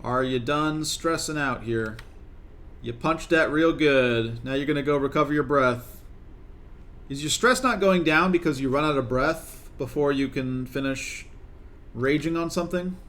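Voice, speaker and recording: A man's voice: fairly high pitch, unhurried, fairly bright tone. A young man streaming a colony game, talking to his characters in a coaxing, exasperated way. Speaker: gaming streamer. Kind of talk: live gameplay commentary.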